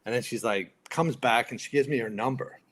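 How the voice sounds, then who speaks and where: Fairly quick and mid-range in pitch, a retired firefighter turned actor in his fifties shares casual stories on a podcast as a guest. He's an animated storyteller who acts out the things people said.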